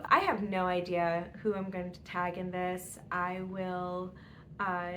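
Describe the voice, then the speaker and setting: A woman's voice: mid-range voice, a bit bright, slight background noise. A woman vlogger chatting casually about books, rambling and laughing often. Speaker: book vlogger. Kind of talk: casual book tag chat.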